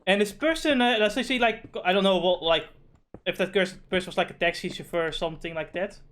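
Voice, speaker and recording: A man chatting casually while gaming, an excitable storyteller who swears often. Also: high voice, fast talker. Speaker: streamer.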